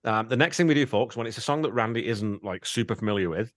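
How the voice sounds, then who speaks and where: A man's voice: on the low side, fast, a bit bright, no room sound, studio quality. A man hosting a music podcast in casual chat, easygoing, who laughs often and swears in asides. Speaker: podcast host.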